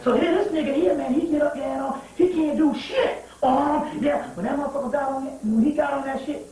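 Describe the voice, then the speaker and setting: A man giving a profane lecture to a live audience, animated and laughing, telling stories in street talk with call-and-response asides. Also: very high-pitched, a little fast. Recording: very echoey room, distant mic, archive tape.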